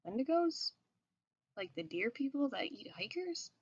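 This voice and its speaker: A woman voicing a nervous, disbelieving young male recruit in a horror story, raising her voice higher for him. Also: very animated, unhurried, darkish tone, slightly rough, muffled recording, heavily acted.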